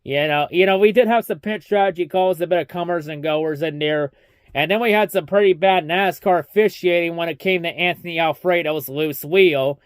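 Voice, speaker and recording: A young man who vlogs racing recaps rants through a casual recap, swearing heavily and mocking what he saw. His high, smooth voice moves at a moderate pace, and the recording is dry and close with no room sound.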